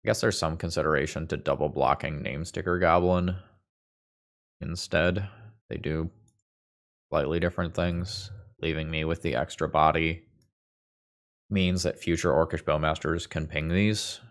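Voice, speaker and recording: A young man narrating his card game with a stuffed-up, congested sound. His voice sits very low and carries a gravelly fry. He thinks aloud, dropping dry, self-aware quips. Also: fairly even intonation, moderate pace, pauses often. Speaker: Magic gameplay video host. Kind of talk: casual gameplay commentary.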